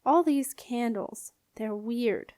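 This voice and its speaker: A nervous but dutiful young clerk speaks in a businesslike, matter-of-fact way, as a woman reader puts him on. The voice is a bit high and the recording is close and dry. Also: slow, a little mellow, no room sound. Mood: spooked.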